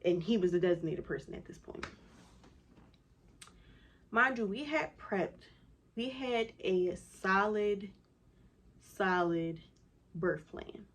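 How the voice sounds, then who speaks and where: A woman vlogger telling a personal story in a casual, animated way, with many "like" fillers. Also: mid-range voice, slow, long pauses, dull audio.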